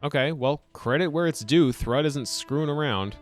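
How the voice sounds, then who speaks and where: A man's voice: fairly high pitch, moderate pace. A man casually commenting while playing a game, muttering wry remarks and reading quest text aloud. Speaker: game streamer. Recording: game music behind.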